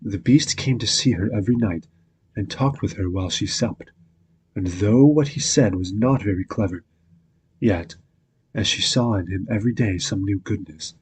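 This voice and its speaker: A man reading a fairy tale aloud as a calm, measured bedtime story narrator. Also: lowish voice, slightly rough.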